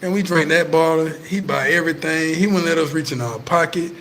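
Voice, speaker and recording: A man's voice: on the high side, a little fast, a bit bright, a little hiss or hum, low-quality recording. A man vlogging, telling a story to his viewers in profane, laid-back street talk.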